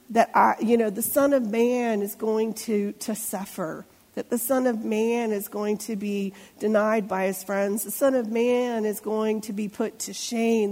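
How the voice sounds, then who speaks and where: A middle-aged woman pastor preaching a sermon in a church, talking in a conversational way and often asking the congregation questions. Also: fairly high pitch. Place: church sanctuary. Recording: long church reverb.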